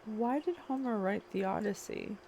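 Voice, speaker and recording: A woman's voice: medium pitch, moderate pace, gravelly, dark tone, a little hiss or hum. A woman channeling a spiritual reading, musing and questioning aloud as she asks spirit for answers. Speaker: psychic reader.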